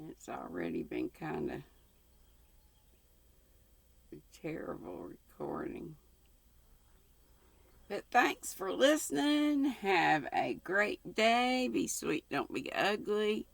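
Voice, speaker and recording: An older Southern woman in her sixties reads a classic novel aloud in a homespun, folksy way. She drawls along slowly, her voice a bit gravelly. The sound is close and dry. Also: medium pitch, wildly swooping pitch, dry recording. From North Carolina. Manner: folksy, unhurried, with colloquial sign-offs. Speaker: channel host reading aloud.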